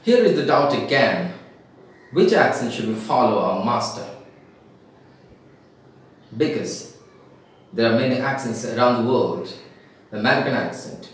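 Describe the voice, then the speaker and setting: A man with an Indian English accent, teaching a class, who explains with examples and slows down and repeats words for emphasis. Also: medium pitch. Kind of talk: classroom lecture. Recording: very echoey room.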